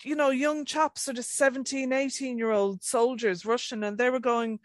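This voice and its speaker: A woman's voice: a little high, normal speed, hardly any pauses, no echo. A young woman with an Irish accent chatting casually, telling stories in a rambling way with many fillers. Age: young adult. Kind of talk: casual chat.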